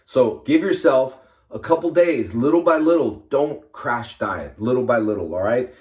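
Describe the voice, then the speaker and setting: A man, a karate instructor, giving energetic motivational fitness advice to his fans in short, punchy commands. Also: mid-range voice, normal speed, echoey room.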